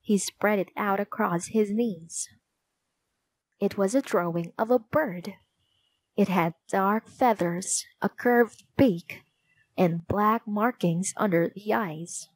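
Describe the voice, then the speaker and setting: Slow, measured woman storyteller. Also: medium pitch, no room sound. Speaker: narrator. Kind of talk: storybook narration.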